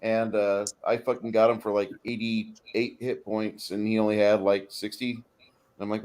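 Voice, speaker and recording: Animated, swearing game-master storyteller. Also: male voice, on the low side, moderate pace. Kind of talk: casual podcast chat.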